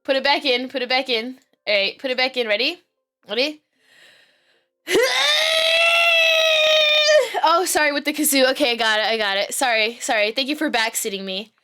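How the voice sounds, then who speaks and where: A woman's voice: a little high, quick pace, loud music behind the voice. A young woman in her twenties streaming live and chatting casually with her viewers, playful, goofy and giggly, swearing freely. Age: 20s.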